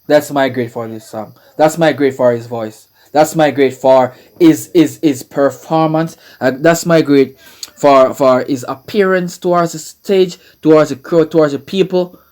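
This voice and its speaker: Jamaican guy doing a reaction vid, slow and awed, keeps repeating himself. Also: a little high, a little mellow. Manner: slow, awed, repeats words, breaks into exclamations. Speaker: reaction video host. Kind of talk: music reaction commentary.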